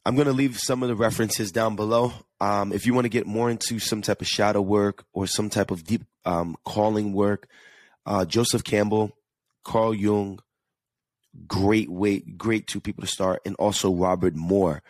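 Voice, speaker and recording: A man's voice: lowish voice, fairly even intonation, moderate pace, no room sound, clean studio sound. A man with a New York–New Jersey accent hosting a casual solo podcast, chatty and earnest, often restarting and repeating words. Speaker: podcast host.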